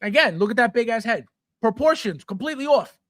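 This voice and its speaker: A man's voice: extremely high pitch, animated, a little fast, dry recording, clean studio sound. A man hosting a collectibles channel, ranting bluntly and scornfully about a figure, profane and sarcastic. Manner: repetitive, sarcastic jabs at viewers.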